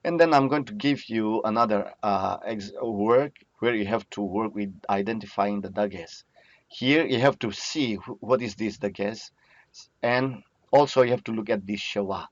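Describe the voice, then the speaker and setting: Male lecturer, slow drilling delivery, dry lo-fi recording. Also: fairly low pitch, no room sound. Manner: slow, repeats each word to drill pronunciation. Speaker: Biblical Hebrew teacher. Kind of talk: recorded lecture over slides.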